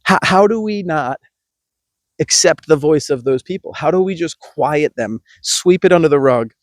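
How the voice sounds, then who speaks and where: A man's voice: fairly high pitch, expressive, moderate pace, no echo, studio quality. A man, a yoga teacher, giving an emphatic, passionate podcast monologue with frequent restarts.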